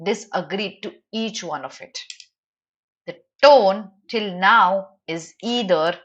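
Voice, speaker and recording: A woman with an Indian English accent, a native Hindi speaker, teaching a live online lesson, animated and teasing, firing off rhetorical questions. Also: mid-range voice, slow, muffled recording.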